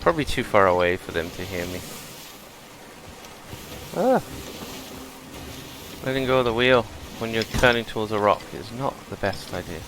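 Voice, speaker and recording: A man's voice: on the low side, lively intonation, moderate pace, long pauses, noisy background. A British man giving chatty gameplay commentary, explaining game mechanics as he plays. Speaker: gameplay streamer.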